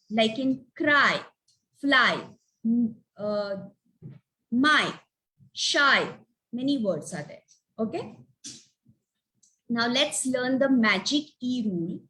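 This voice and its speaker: A woman teaching spelling rules in an online webinar, slowly sounding out letters and example words. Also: high voice, fairly bright tone, rough recording. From India. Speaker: phonics teacher. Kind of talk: webinar lesson.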